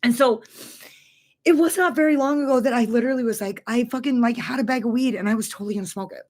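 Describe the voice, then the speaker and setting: A woman's voice: fairly high pitch, fast, a little mellow. A woman in her forties chatting casually to camera as a beauty vlogger, candid and rambling, swearing freely and full of "like" fillers. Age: 40s. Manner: frequent "like" fillers and restarts. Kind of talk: casual confessional chat.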